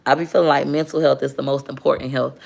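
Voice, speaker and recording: Very gravelly low-voiced woman. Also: steady tone, fast, darkish tone. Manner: earnest and chatty, reads out viewer comments. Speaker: livestream host talking to viewers. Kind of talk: casual heartfelt chat to viewers.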